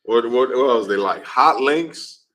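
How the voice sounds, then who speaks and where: A man's voice: medium pitch, measured pace, a bit bright, slight background noise, poor audio. A man preaching in a street-talk class, emphatic and repetitive, often ending lines with "man". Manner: emphatic, repeats "man", acts out scenes. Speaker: class speaker.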